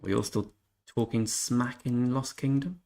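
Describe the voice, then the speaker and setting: A man's voice: medium pitch, fairly even intonation, moderate pace, creaky, dark tone. A man casually commenting while playing a strategy game on a live stream, chatting with viewers and muttering to himself as he goes. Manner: chatty, reads chat aloud, mutters to himself. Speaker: gaming streamer.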